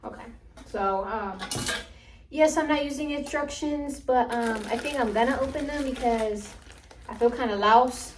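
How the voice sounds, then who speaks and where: A woman's voice: on the high side, a little slow, slight background noise. Breathless young woman, echoey home room. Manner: blunt and chatty, swears freely, mutters to herself. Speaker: vlogger. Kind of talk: casual vlog, talking to camera while assembling. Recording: echoey room, mic at a distance.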